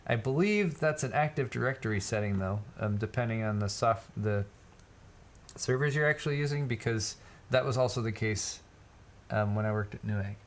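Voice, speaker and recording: A man hosting a casual livestream chat, easygoing and quick to laugh as he reads out viewer messages. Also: on the low side. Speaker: host.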